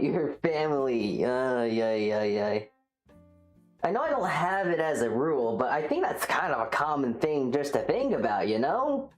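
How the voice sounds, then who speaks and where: Deep-voiced lady streaming and yapping at chat, makes fun of herself, echoey room. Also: darkish tone. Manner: rambling, self-mocking, reacts to chat. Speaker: livestreamer. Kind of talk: casual livestream chat. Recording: roomy echo.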